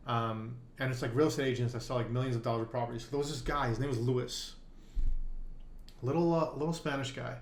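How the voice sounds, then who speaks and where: A man's voice: mid-range voice, steady tone, fast talker, slight background noise. Rambling man in an echoey room. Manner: rambling storyteller, many fillers and restarts. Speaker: poker podcast co-host. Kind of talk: casual conversation.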